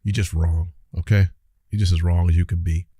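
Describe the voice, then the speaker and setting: A man's voice: low-pitched, fairly even intonation, brisk, dark tone, breathy edge, dry recording, clean studio sound. A man hosting a reaction commentary, talking in a heated, preachy, colloquial way and speaking straight to his viewers. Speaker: commentary channel host.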